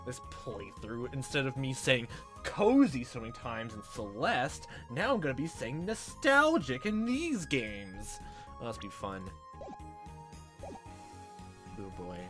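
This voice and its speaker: A man's voice: mid-range voice, huge pitch swings, measured pace, fairly bright tone. A man giving rambling, joking casual commentary while playing through a story game. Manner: rambling, filler-heavy, joking. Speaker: let's-play host. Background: game music.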